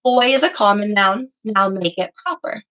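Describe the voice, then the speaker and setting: A woman's voice: medium pitch, lively intonation, normal speed, sharp tone, rough recording. A woman teaching young children in an online class over a video call, patient and encouraging, praising her students by name. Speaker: elementary school teacher.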